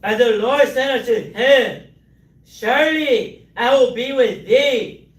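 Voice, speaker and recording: A man reading Bible verses aloud to a study group, slow and loud. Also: very high-pitched. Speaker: scripture reader. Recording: roomy, mic at a distance.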